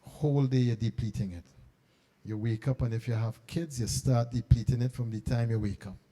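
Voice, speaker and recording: A middle-aged man, an archbishop speaking to a conference of school principals and leading them through a meditation. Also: mid-range voice. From Trinidad and Tobago. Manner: animated and coaxing, then slow and hushed in prayer. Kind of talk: talk guiding a meditation. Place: conference hall.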